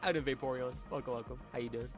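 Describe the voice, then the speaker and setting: A man's voice: medium pitch, fairly even intonation, fast talker, faint music behind. A young man streaming, chatting casually with his chat, rambling and laughing with many restarts, his nose a little stuffy. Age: young adult. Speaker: vtuber streamer.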